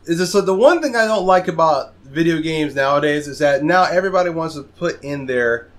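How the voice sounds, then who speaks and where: A man's voice: on the high side, fairly quick. A man hosting a casual gaming podcast, swearing often and ranting. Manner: animated, swears a lot, rants. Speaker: podcast host.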